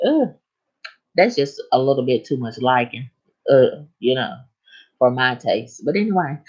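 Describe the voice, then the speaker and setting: A woman's voice: deep voice, darkish tone, highs cut off. A woman chatting frankly on a casual livestream, laughing at her own stories. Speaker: livestream host.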